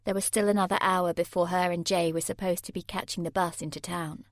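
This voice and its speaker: A woman narrating a thriller audiobook in the first person, measured and tense. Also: fairly low pitch, steady tone, dry recording, studio quality.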